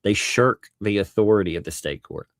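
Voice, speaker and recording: A man's voice: fairly low pitch, normal speed, no room sound, clean studio sound. A man hosting a casual livestream, reading court filings aloud with sarcastic asides and laughs.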